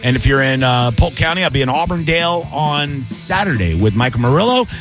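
A man hosting a casual sports radio talk show, telling animated, jokey stories and acting out quotes. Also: mid-range voice, a little fast, music in the background. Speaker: radio host and comedian.

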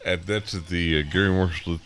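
A man's voice: deep voice, steady tone, brisk, fairly bright tone. A middle-aged man hosting a morning radio show, stuffy and sniffling from a cold, rambling with many fillers. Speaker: radio host. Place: radio studio.

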